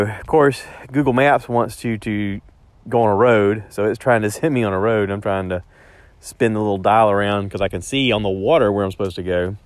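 A man's voice: fairly low pitch, no echo. A man telling a rambling story in a casual spoken diary, correcting himself as he goes and talking into a phone. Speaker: vlogger.

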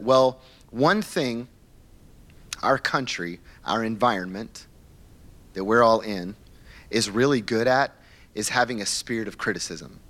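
A man's voice: lowish voice, a bit bright. A man preaching a conversational sermon in church as pastor, asking the congregation questions and acting out quoted people. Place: church sanctuary.

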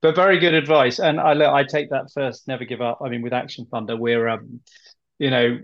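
A man hosting a podcast interview, relaxed and casual, with many ums and uhs. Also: mid-range voice, fairly quick. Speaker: podcast host. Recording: slightly dull, lo-fi sound.

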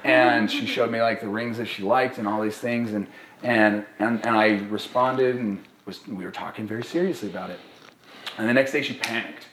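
A young man, a therapist and co-host, talking casually on a live podcast. He tells stories in an animated way and keeps checking in with "right?". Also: fairly low pitch, normal speed, a little hiss or hum. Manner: animated storytelling, many "right?" tags. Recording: roomy echo.

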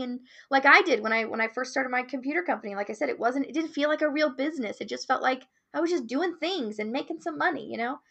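A woman with a slightly high voice tells a story from her marketing work. She moves easily between her own account and lively acted-out quotes. The talk is casual interview chat. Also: fast, vocal fry, hardly any pauses. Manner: animated storyteller, acts out quotes. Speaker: guest, marketing business owner.

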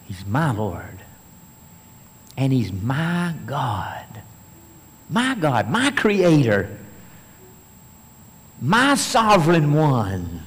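A man preaching a sermon as a pastor, building to emphatic bursts and then slowing to stress key phrases. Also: fairly high pitch, big pitch swings, big-room sound.

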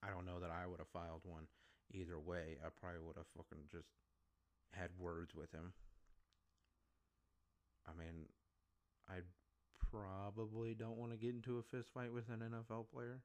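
A low-voiced man hosts a solo podcast, ranting bluntly and swearing freely. His delivery is casual, opinionated and irritated. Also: little pitch movement, moderate pace, pauses often. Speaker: podcast host.

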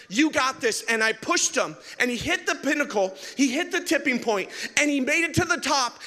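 This male pastor's voice is very high-pitched with a sharp edge. He preaches passionately, drawing responses from the congregation, and the sound carries the long echo of a big hall.

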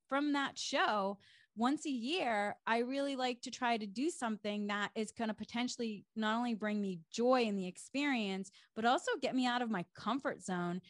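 A middle-aged woman co-hosting a podcast, recounting a personal story in casual, animated fashion with many fillers. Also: on the high side, no room sound, clean studio sound. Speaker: podcast co-host.

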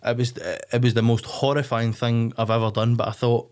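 Fast-talking Scottish man, rambling. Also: medium pitch, flat delivery, darkish tone. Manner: rambling with frequent restarts and swearing. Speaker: podcast guest. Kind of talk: candid casual chat.

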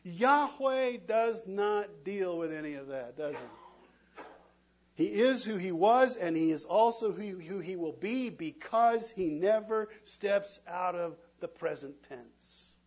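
A middle-aged man preaching a sermon, asking his congregation questions and pausing for them to answer, with emphatic delivery. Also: high-pitched, lively intonation, muffled recording. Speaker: pastor.

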